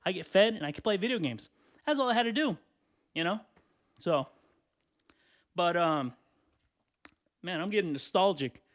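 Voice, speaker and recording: Ranting young man with raised voice. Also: a little high. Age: 20s. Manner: profane, animated ranting. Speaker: podcast host. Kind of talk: solo podcast rant.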